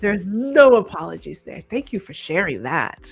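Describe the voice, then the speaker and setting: A woman hosts a podcast in a lively, chatty way and reads out viewer comments between her own remarks. Her voice sits at a middling pitch, and faint music plays behind her. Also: normal speed, gravelly, husky. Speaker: podcast host. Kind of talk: casual interview chat.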